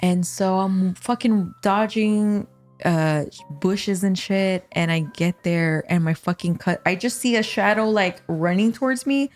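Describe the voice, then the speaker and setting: A young woman tells a scary story in a loose, profane way and acts out the voices of the people in it. Her pitch sits in the middle range, and faint music plays behind her. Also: measured pace. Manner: profane, animated storyteller acting out quotes. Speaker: guest. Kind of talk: casual storytelling.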